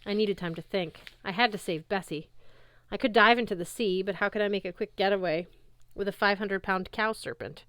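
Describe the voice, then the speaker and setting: A woman reads a novel aloud in a steady, even storytelling way. Her voice is smooth and clear, and the recording is dry and close. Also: medium pitch, brisk, dry recording. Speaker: audiobook narrator. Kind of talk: audiobook narration.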